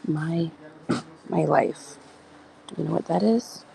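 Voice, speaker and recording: Chatty lady at garage sales, gravelly low voice, lots of whispering, noisy outdoor phone audio. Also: slow, mellow. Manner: chatty, often drops to an unvoiced whisper. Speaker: livestream host. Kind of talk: casual garage sale live stream.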